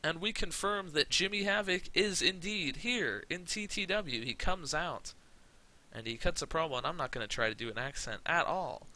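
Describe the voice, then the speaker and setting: A man's voice: fairly high pitch, fairly quick, pushed and bright, low-quality recording. A man giving rambling, sarcastic commentary on his wrestling management game, swearing casually. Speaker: let's play commentator.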